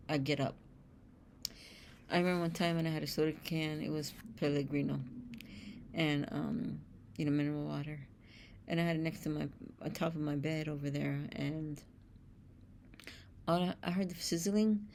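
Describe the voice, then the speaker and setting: Low gravelly New woman. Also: normal speed, slight background noise. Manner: blunt, streetwise, swears freely, reads card texts aloud. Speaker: spiritual show host reading oracle cards. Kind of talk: casual oracle card reading with personal asides.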